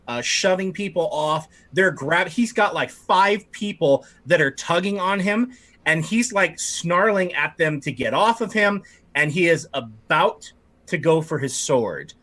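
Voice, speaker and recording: Game master, man, bright, fairly high voice, lively storytelling. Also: a little slow. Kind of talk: narrating a tabletop game.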